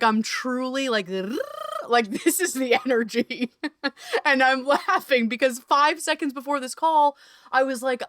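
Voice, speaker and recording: A woman hosting a podcast, gushing excitedly and swearing freely, talking in rapid bursts that keep interrupting themselves. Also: sits high, no echo, clean studio sound. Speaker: podcast host.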